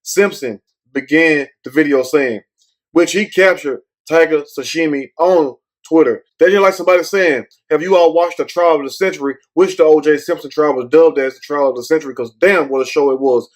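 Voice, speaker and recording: Speaking at normal speed in a slightly high voice, a man runs a casual commentary show. His style is rambling, blunt, and profane, with frequent swearing and repeated returns of "but anyway."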